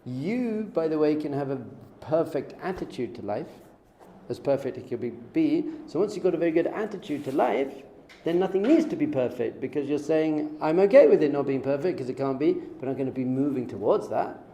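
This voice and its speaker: A middle-aged man, a rabbi teaching an informal Torah class, lively and joking, acting out little dialogues. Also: on the high side, brisk. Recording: echoey room with faint noise.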